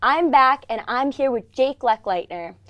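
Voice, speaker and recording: A woman's voice: high-pitched, expressive, measured pace, a bit bright, no room sound. A teenage girl hosting a school broadcast, chatting casually with a guest and filling her talk with "like". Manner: chatty, lots of "like" fillers. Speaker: student show host. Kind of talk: casual chat interview.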